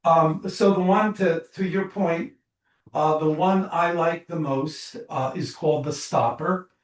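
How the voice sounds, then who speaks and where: A man, a psychologist and author, telling stories in an interview, animated and full of fillers and restarts. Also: on the high side, unhurried, reverberant, recorded from a distance, slight background noise. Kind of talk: interview storytelling.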